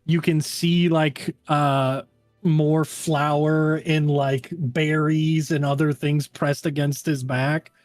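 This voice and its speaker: A man's voice: on the high side, level tone, slow pace, darkish tone, no room sound, soft background music. A man narrating a tabletop game as game master, in a casual style full of fillers.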